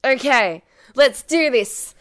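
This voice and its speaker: A woman's voice: high voice, animated, slow pace, fairly bright tone, dry recording. Playful woman on a dry podcast mic. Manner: playful, competitive, laughs a lot. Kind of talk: casual podcast chat.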